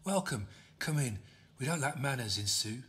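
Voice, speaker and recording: A man's voice: mid-range voice, lively intonation, normal speed, a bit bright, pitched above the performer's own voice, lightly acted. A man doing a beaming, welcoming mother. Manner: beaming, hospitable. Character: friendly middle-aged mother, welcoming.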